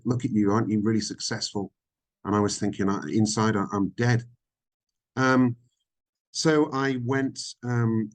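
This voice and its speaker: A middle-aged man talks openly as an interview guest. His voice sits a little low, and he speaks reflectively, often pausing with ums and restarting his sentences. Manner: reflective, frank, halting with frequent ums. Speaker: podcast guest. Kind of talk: candid interview conversation.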